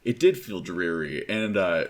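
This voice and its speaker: A man's voice: low voice, lively intonation, unhurried. A young man in casual chat about a video game, hesitant, with many fillers, explaining at length. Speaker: game discussion panelist.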